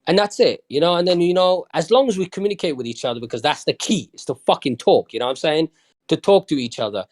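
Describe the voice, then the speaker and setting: A man's voice: a little high, lively intonation, fast talker, darkish tone. A man from London, a podcast guest in casual chat, talking bluntly with plenty of swearing and often asking if you understand.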